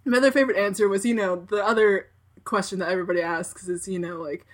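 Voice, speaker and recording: A woman's voice: mid-range voice, fairly even intonation, fast talker. A woman casually telling a long story, rambling with lots of fillers and frequent giggles.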